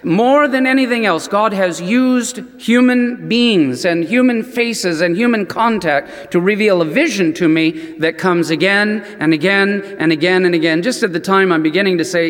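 A man preaching a sermon as a chatty personal story, animated and full of "you know" asides. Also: high voice, normal speed, hardly any pauses. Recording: long reverb in a large hall.

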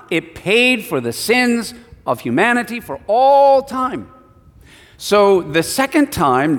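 A man preaching a sermon, reading scripture and retelling it in a casual storytelling way, heard with a long hall reverb. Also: fairly high pitch. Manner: conversational storytelling with acted quotes.

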